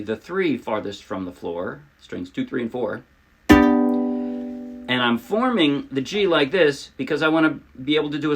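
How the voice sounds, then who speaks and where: A man talks through a relaxed ukulele lesson in a chatty, self-deprecating way. A ukulele rings out loudly around his voice as he demonstrates. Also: mid-range voice, moderate pace, loud music behind the voice. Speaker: ukulele teacher. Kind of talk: casual tutorial talk. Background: ukulele playing.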